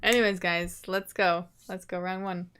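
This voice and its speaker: A young adult woman streamer chatting casually with her viewers, reading their comments, laughing often and trailing off softly at the ends of her thoughts. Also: fairly low pitch, fairly even intonation, moderate pace, slight background noise. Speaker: livestreamer.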